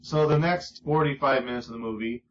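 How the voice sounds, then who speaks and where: A man's voice: medium pitch, brisk, highs cut off, a little hiss or hum. A man giving a casual spoken movie review, rambling with lots of fillers and the odd swear word.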